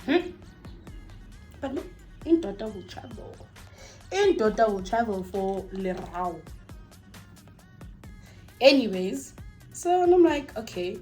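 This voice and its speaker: Animated South African woman telling a story. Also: fairly high pitch, slow pace, pauses often, soft background music. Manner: animated, swearing, exclaiming, peppered with "like". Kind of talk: casual storytime vlog.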